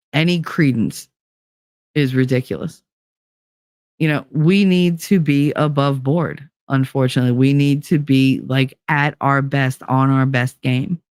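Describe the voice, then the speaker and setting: A woman's voice: low voice, a little mellow, no room sound, clean studio sound. A woman in her fifties hosting a live-stream, ranting bluntly and emphatically with frequent profanity while reading out viewer comments.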